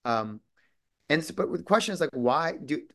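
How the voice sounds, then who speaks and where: A man's voice: fairly high pitch, expressive, moderate pace, fairly bright tone. Man chatting as a guest. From Minnesota. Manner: rambling, many restarts and quoted asides. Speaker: guest actor. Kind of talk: casual interview chat.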